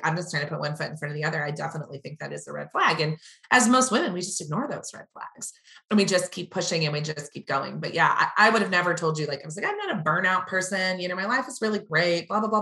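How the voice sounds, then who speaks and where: A woman in her thirties, telling stories in casual chat, candid and animated, acting out quotes. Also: low-pitched, echoey room.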